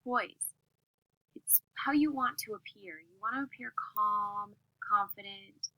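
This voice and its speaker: A woman teacher giving a classroom lesson on public speaking, with a clear, expressive and emphatic delivery. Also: mid-range voice, slow, no echo, muffled recording.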